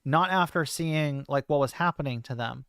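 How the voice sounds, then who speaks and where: A woman's voice: deep voice, moderate pace, no echo. A trans woman streamer talking in a casual, hesitant monologue, full of fillers and restarts, into a close desk mic. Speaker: streamer host.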